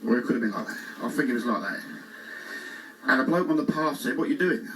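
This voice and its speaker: On a cruise ship stage, an Englishman does a stand-up impression of a classic comic, firing off bumbling one-liners with self-mocking asides. His medium-pitched voice is animated, fast, a bit bright and close to everyday speech. The distant mic in the show lounge picks up faint noise and audience laughter.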